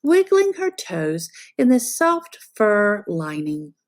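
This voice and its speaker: A woman reading a picture book aloud to children, telling it as an expressive storyteller. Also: mid-range voice, slow pace.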